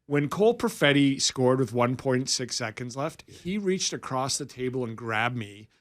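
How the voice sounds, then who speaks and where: A man's voice: medium pitch, normal speed. A man in his forties from Alberta, co-hosting sports radio and telling a long story in a casual way, acting out the quotes. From Alberta, Canada. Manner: animated, acts out quoted dialogue.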